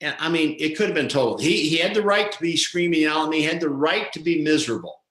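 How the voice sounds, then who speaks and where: A man co-hosting a talk show, telling a story in a lively way and acting out the people in it. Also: a little high, fast, reverberant. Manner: animated storyteller, acts out quoted voices. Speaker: co-host.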